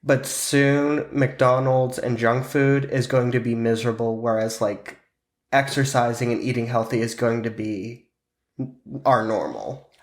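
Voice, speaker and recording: A man's voice: mid-range voice, steady tone, unhurried, echoey room. A man hosting a podcast with a sinus cold, chatting casually and joking with a lot of swearing. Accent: Pittsburgh. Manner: joking, profane, casual banter. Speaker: podcast host. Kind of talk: casual chat.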